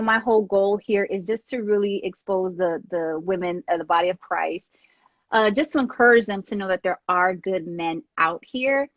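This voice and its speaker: A woman's voice: mid-range voice, no echo, muffled recording. A woman hosting a casual live-stream chat, bubbly and laughing often.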